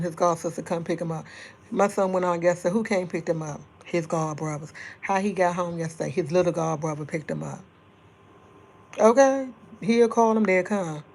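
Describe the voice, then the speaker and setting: A woman's voice: on the low side, moderate pace. A middle-aged woman, chatting casually and rambling with livestream viewers and laughing often. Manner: speaking softly at times to keep quiet. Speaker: livestream host.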